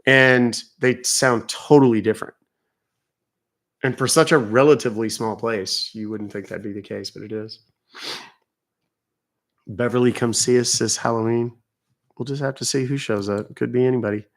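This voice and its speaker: A middle-aged man talks loosely to his live-stream audience. His voice has a rough, gravelly fry and sits at an everyday male pitch. He jokes, swears freely and drifts from topic to topic. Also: fairly even intonation, normal speed, pauses often. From Texas. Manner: profane, joking, rambling. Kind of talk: casual live-stream chat.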